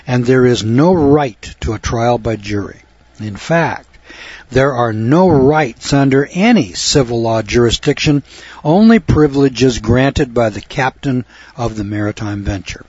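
A man's voice: medium pitch, measured pace, darkish tone, breathy edge, dry recording. A man giving lecture-style radio commentary, folksy and sardonic, with a lecturing cadence, recorded on a dull lo-fi radio recording.

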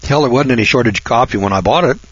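A man's voice: mid-range voice, rapid-fire, husky, no echo, dull audio. A man hosting a radio talk show, ranting in a folksy, sarcastic monologue that rambles and often restarts.

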